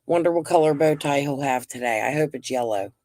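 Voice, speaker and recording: A middle-aged woman and grandmother hosting a casual livestream, venting and telling stories in an animated way while getting over a lung infection. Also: extremely low pitch, a little fast, no echo, clean studio sound. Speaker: livestream host.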